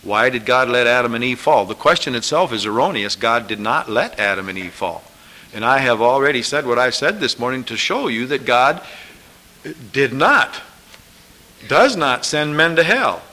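A man preacher delivering a sermon, emphatic and repetitive, rising to loud scripture calls and dropping low for asides. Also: low-quality recording. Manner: emphatic, repeating lines, rising to shouted scripture.

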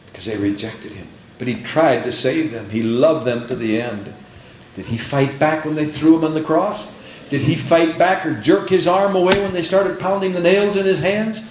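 A man preaching a sermon, swinging from hushed tones to shouted, dramatic passages. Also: high voice. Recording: roomy echo with faint background noise.

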